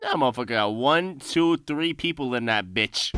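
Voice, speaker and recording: A young man reacting to a game video in casual, slangy, profane commentary that jumps into shouts, with video music playing under him. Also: medium pitch, sing-song, normal speed, hardly any pauses. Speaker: reaction streamer. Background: game video audio with music playing.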